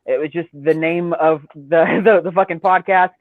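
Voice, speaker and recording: A man's voice: a little high, fairly even intonation, moderate pace, dry recording. A man guest telling a rambling, profane story in casual podcast chat. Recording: tinny phone-like line, dry.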